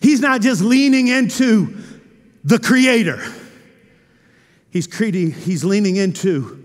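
A male pastor preaching a sermon with passion, moving between loud cries and hushed, intimate lines. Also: high-pitched, lively intonation, takes it slowly, pauses often. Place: church sanctuary. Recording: church hall with long reverb.

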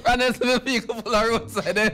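A man's voice: very high-pitched, fairly even intonation, quick pace, sharp tone. A man with a Jamaican accent co-hosting a radio talk show, telling boastful stories in Patois and laughing often. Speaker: radio co-host. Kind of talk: casual radio banter.

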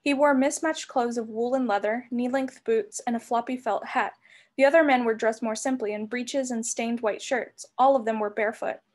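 A woman reading a novel aloud as narrator, with expressive storybook delivery. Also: fairly high pitch, normal speed. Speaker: reader.

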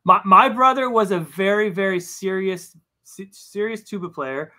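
A high, sharp-toned male voice moves at a moderate pace with plenty of expression. He's a comic book writer chatting informally as an interview guest, stammering through restarts and making self-deprecating comments.

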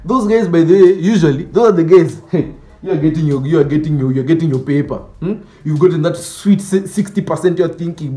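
A man doing a comic monologue about school types, animated and mock-outraged, dropping Swahili slang. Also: fairly high pitch, brisk, roomy sound. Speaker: comedy sketch creator. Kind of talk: comedic monologue with skits.

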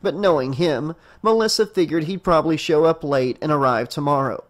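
A man's voice: fairly high pitch, a little fast. Man narrating a slasher audiobook. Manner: steady storytelling read.

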